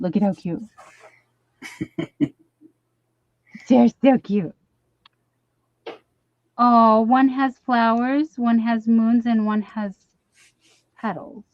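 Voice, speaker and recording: A woman hosting a casual livestream, gushing and gasping with excitement as she unboxes gifts. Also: on the high side, extremely slow, pauses often, no echo. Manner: gushing, excitable, many gasps and exclamations. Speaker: livestream host. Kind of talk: casual live chat while unboxing gifts. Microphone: webcam or desk mic on a video stream. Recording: dull dry stream audio.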